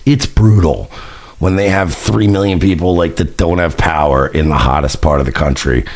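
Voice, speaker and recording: A man's voice: deep voice, normal speed. A man in his late thirties from New York, talking casually on a livestream in a profane, rambling way that readily turns into a rant. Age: late 30s.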